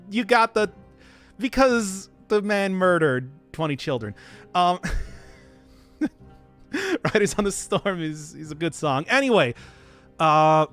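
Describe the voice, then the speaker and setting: During a casual gaming livestream, a male streamer rambles to his chat while playing, wandering off-topic and giggling often. His voice is fairly high for a man and swoops lively and widely in pitch. Faint music sits underneath.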